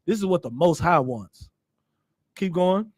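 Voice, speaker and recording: A man's voice: high voice, animated, a little slow, no room sound, studio quality. A man giving a stern, emphatic scripture lesson as a religious teacher.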